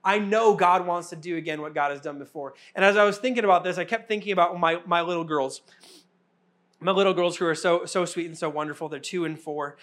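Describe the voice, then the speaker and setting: A man's voice: high voice, a little fast, fairly bright tone. A man in his thirties, a pastor, preaching a sermon with earnest, repetitive cadence.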